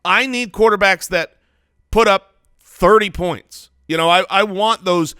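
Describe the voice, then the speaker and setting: A man co-hosting a fantasy football podcast, animated and playful, joking between stats. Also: high voice, a little slow, smooth, no echo, studio quality. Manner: animated, playful, jokes and sings snippets. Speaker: podcast co-host.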